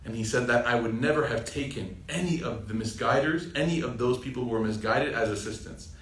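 A young man teaching an informal Quran reflection class, lively and joking, often asking the audience questions. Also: medium pitch, fairly quick. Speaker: Islamic teacher. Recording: roomy sound from a distant mic with faint ambient noise.

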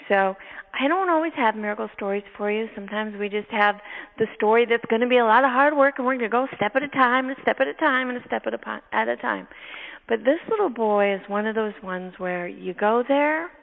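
A woman host telling a story from her work in a lively, animated way, now and then laughing and acting out her own thoughts. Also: fairly high pitch, brisk, creaky. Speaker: neurotherapist and podcast host. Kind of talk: storytelling in casual chat. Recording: tinny phone-line sound with long reverb.

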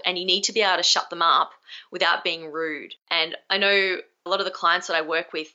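A woman's voice: fairly low pitch, sharp tone, lo-fi sound. A young adult woman, a communication skills coach, being interviewed over a video call, talking energetically and acting out example phrases.

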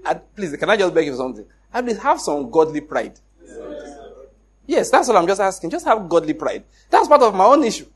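A middle-aged Nigerian man with a Nigerian accent, telling a personal story in an animated way, acting out the dialogue and laughing often. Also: sits high, fairly quick, slightly rough. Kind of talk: casual storytelling.

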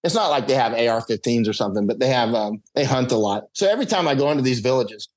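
A man as a guest, telling rambling, animated stories with frequent chuckles. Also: mid-range voice, fast, slightly rough, poor audio. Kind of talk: casual storytelling.

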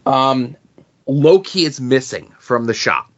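A man co-hosting a casual podcast, calmly walking through the details of a comic book scene. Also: mid-range voice, slow, highs cut off. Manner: explains story details step by step. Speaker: podcast co-host.

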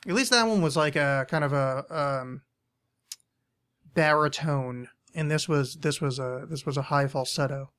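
A man's voice: a little high, measured pace, fairly bright tone. A man hosting a podcast in a studio, with a strained, blown-out voice, chatting in a rambling, self-deprecating way. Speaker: podcast host. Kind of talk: casual studio chat.

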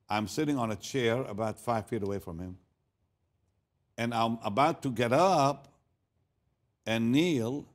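An older man, a pastor, telling a story in a sermon, swinging from hushed asides to loud emphatic lines and often repeating words as he goes. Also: on the low side.

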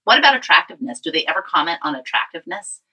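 A woman's voice: deep voice, very animated, very fast, pushed and bright, breathy edge, dull audio. A woman hosting a podcast who chats casually, asking questions and teasing her co-host. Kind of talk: casual chat.

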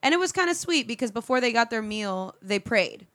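A woman telling a work story on a podcast in a casual, profane, animated way, laughing often. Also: fairly high pitch, a little fast, dry recording. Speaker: show regular and guest co-host. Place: podcast studio.

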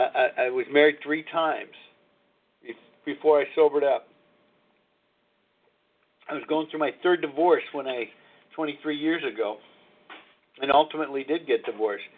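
A middle-aged man hosts a live call-in show with candid, confessional talk. His voice sits a little high for a man and reaches the listener through a narrow, phone-like channel. He reflects openly and speaks without polish. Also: normal speed, long pauses.

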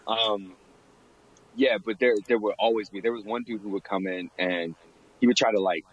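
A man's voice: lowish voice, steady tone, normal speed, lo-fi sound. A young man being interviewed about bartending. He rambles casually, fills his talk with fillers and laughs often. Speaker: guest, former bartender.

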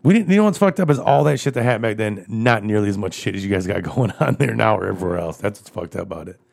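A man telling crude, profane stories in casual chat, laughing often and getting animated as he goes. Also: on the low side, fast talker, vocal fry.

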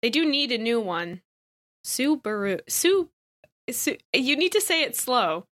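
A woman hosting a podcast in casual group chat, excitable, laughing often and swearing casually. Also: a little high, moderate pace. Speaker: podcast host.

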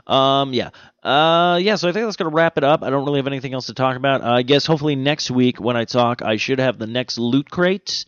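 A man's voice: medium pitch, fast, no room sound, dull audio. A man hosting a podcast alone, chatting in a rambling, self-deprecating way. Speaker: podcast host. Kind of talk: casual solo podcast monologue.

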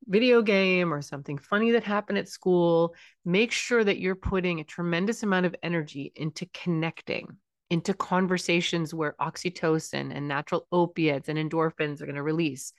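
Woman podcaster, middle-aged, slightly low pitch, dry booth sound, warm reassuring advice delivery. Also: no echo. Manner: earnest, reassuring, acts out parent lines. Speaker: parenting podcast host. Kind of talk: advice monologue.

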